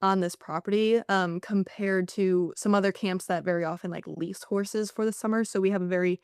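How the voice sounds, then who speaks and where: A woman in her twenties, a graduate researcher, explaining her study in a relaxed, chatty way as a podcast guest. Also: medium pitch, moderate pace, smooth, no echo, studio quality. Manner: relaxed, chatty with fillers like 'like'. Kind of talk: casual interview explanation.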